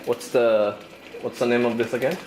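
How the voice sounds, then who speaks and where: A man's voice: medium pitch, little pitch movement, normal speed, darkish tone, a little hiss or hum. A man vlogging his travels, chatting casually into a handheld camera and laughing often. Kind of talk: casual vlog chat. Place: bar, then city street at night.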